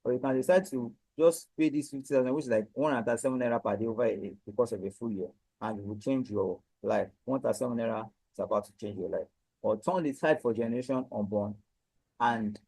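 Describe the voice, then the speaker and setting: Man from Nigeria, webinar sales pitch, persuasive and repetitive, mellow tone, dry close sound. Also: brisk, husky, no echo, low-quality recording. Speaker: online course seller.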